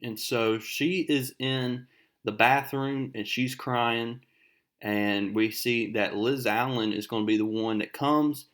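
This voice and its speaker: A man's voice: mid-range voice, steady tone, slow pace, a bit bright. Chatty young man recapping a comic. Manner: chatty, loose storytelling with fillers. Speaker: comic book video host.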